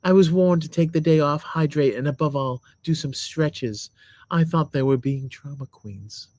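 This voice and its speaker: A man's voice: fairly high pitch, moderate pace, a little mellow, dry recording, close to an everyday voice. A man voicing a chatty mother, a woman reviewing a gadget, in a breezy read-aloud manner.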